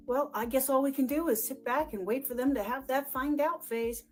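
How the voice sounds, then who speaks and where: A woman performing a satirical skit with deadpan sarcasm. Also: high-pitched, brisk, few pauses, soft background music, low-quality recording.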